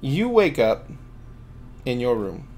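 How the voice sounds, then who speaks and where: A man's voice: medium pitch, big pitch swings, slow, darkish tone, slight background noise. A man running a tabletop game as game master, narrating loosely with many fillers and restarts.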